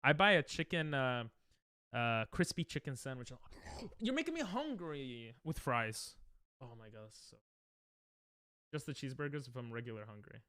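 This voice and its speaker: Male streamer, casual and jokey, lively pitch, bright tone, dry close mic. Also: normal speed, long pauses, clear, resonant tone, no echo. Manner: joking, laughs often, talks to chat. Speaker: streamer reacting to ads. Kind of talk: casual chat with live chat.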